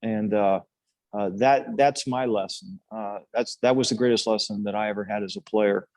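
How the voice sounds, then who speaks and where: A man's voice: on the low side, fairly even intonation, moderate pace, no room sound. An older man, a former national team player, telling his story casually on a podcast, earnest and rambling with many restarts and fillers.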